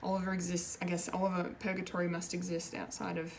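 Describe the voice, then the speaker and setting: Female pop culture reviewer, low-ish voice, chatty and rambling recap delivery. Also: quick pace, gravelly, slight background noise. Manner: rambling and excitable, many fillers and restarts.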